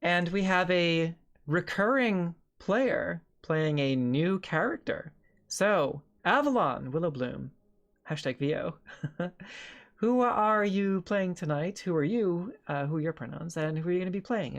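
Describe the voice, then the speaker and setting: A low-voiced woman hosts a tabletop game stream. She sounds upbeat and laughs easily as she introduces each player. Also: expressive, unhurried. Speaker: game master and stream host.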